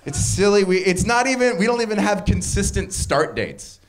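A man with a fairly high voice works through a stand-up set on a club stage. He talks wryly and lets his pitch jump up on punchlines. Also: normal speed. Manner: wry and animated, voice jumps up for punchlines. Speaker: stand-up comedian. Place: comedy club stage with live audience.

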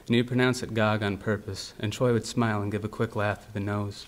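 Measured low-voiced man reading prose. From United States. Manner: steady, measured reading with quiet dialogue. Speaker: author reading his fiction. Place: university library event.

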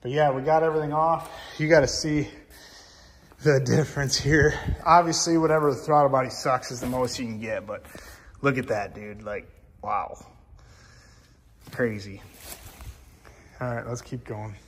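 Excitable man in a reverberant garage. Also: medium pitch, normal speed, pauses often, slight background noise. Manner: excitable, casual, blunt. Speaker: car vlogger. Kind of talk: casual install walkthrough.

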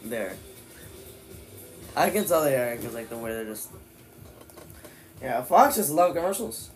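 A man's voice: mid-range voice, very animated, measured pace, faint music behind. Casual man reacting to a race. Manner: blunt, swears, running play-by-play of positions. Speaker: livestream host watching a race.

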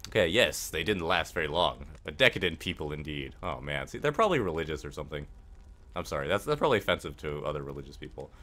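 Low, animated young man reading a game aloud. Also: fast. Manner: reads game text aloud with wry asides. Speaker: let's play host. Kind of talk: casual gaming commentary.

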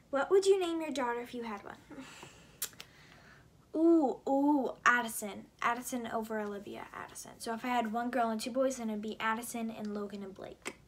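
Bubbly young american girl vlogging, high voice, lots of likes and ums, giggly. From Indiana, USA. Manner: chatty, giggly, many fillers. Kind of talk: casual Q&A vlog.

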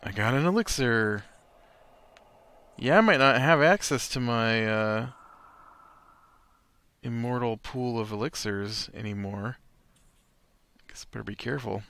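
A man's voice: mid-range voice, a little slow, vocal fry, pauses often, fairly bright tone. A man hosting a let's play, giving casual gameplay commentary in a chatty way, reacting aloud to the game and laughing often.

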